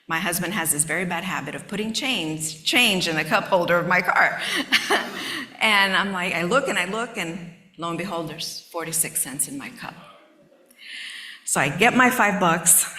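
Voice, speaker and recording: A woman's voice: lowish voice, moderate pace, sharp tone. A woman in her fifties, a conference speaker candidly telling a personal testimony, close to tears at times. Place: large conference hall. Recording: echoey hall.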